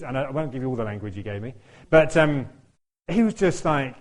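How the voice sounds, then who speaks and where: A man's voice: fairly high pitch, expressive, a little fast, a little mellow. A man telling a chatty, self-deprecating story during a church talk, laughing often and acting out what people said. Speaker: church speaker. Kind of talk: anecdotal sermon storytelling.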